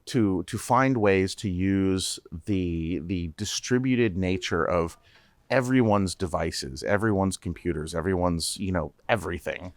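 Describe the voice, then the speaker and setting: A man, a startup CEO, speaking as a guest on a podcast interview. He talks in an animated way, restarting often and repeating words. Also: low voice, measured pace, no room sound.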